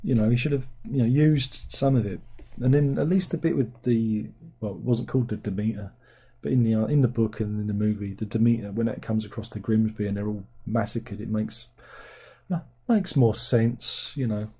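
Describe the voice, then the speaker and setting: A man's voice: lowish voice, moderate pace, warm tone, husky. A man hosting a casual film review, reading out viewer comments in a rambling, sardonic way with incredulous outbursts.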